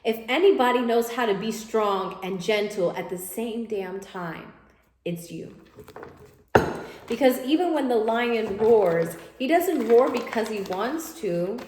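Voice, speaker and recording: A woman giving a casual spoken tarot reading, animated and repetitive, often voicing her listener's imagined thoughts. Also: fairly high pitch, slow. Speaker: tarot reader. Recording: echoey room, faint noise.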